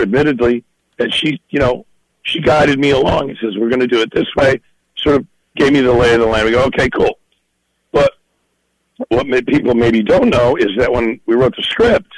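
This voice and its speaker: Film director guest, animated storyteller, dry studio sound. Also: male voice, medium pitch, dry recording, rough recording. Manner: animated anecdote telling, laughs often. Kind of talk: storytelling in a podcast interview.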